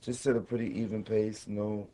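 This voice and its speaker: A man in his thirties, a guest on a radio interview, talking in a reflective, halting way with many fillers. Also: lowish voice, little pitch movement, mellow, rough recording. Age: 30s. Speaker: guest musician. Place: radio studio.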